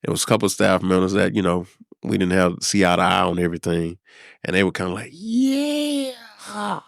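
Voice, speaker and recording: Middle-aged texan guy, low gravelly voice, slow reflective storytelling, lots of uhs, dry close mic. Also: little pitch movement, no echo. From South Dallas, Texas. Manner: unhurried, reflective, with frequent uh fillers. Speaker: podcast guest, former high school principal. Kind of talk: personal storytelling in a conversation.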